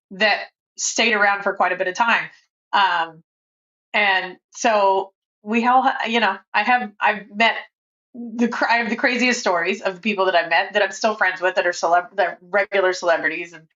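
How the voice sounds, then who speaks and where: A woman's voice: medium pitch, sharp tone, muffled recording. A woman in her forties, a podcast guest in casual interview chat who talks freely and laughs often.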